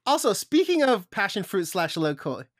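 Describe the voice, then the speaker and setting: A man's voice: high-pitched, very animated, moderate pace, no echo, clean studio sound. A man co-hosting a food podcast, chatting casually and joking about himself, laughing often. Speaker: podcast co-host. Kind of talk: casual chat.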